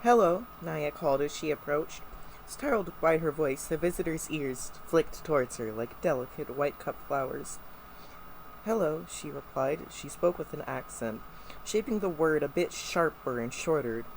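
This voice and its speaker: A co-reader narrating a novel aloud in a steady, even way. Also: mid-range voice, normal speed, gravelly, slight background noise, low-quality recording. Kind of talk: live read-aloud of a novel.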